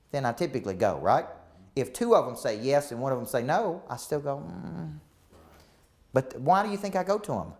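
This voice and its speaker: A man coaching a group of real estate agents live, acting out quoted dialogue as he talks. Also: medium pitch. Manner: animated, acts out quoted dialogue. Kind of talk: live coaching session talk.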